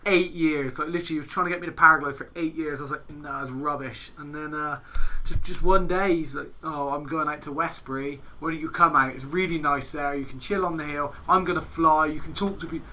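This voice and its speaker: Man, podcast host, very bright tone, chatty storyteller, faint ambient noise. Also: fairly high pitch, fairly even intonation, quick pace. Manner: chatty storyteller, acts out quoted friends. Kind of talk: casual interview chat.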